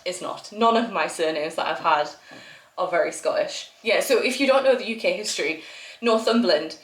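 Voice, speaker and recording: A woman's voice: lowish voice, a little fast. Young northumbrian woman rambling and laughing while she vlogs, echoey room. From Northumberland, England. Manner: chatty, laughs often, trails off and restarts. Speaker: vlogger. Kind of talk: casual chat.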